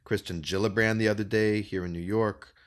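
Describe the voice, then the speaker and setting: A man's voice: on the low side, fairly even intonation, fairly quick. A man co-hosting a casual political podcast, speaking passionately and articulately, often repeating words as he builds a point. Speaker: podcast co-host.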